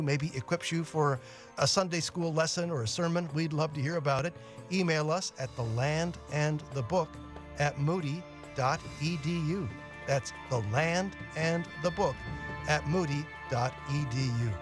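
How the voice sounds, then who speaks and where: Friendly radio co-host guy, kinda higher voice, soft music under him. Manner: friendly, conversational, with filler uhs. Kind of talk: casual radio chat and announcements.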